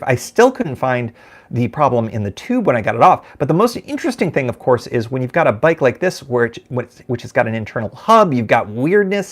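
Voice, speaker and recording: A middle-aged American man hosting a live podcast from a room at home, talking casually in a rambling, self-deprecating way. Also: mid-range voice. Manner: rambling, self-deprecating, lots of fillers and restarts. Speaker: podcast host. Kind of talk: casual live-stream chat.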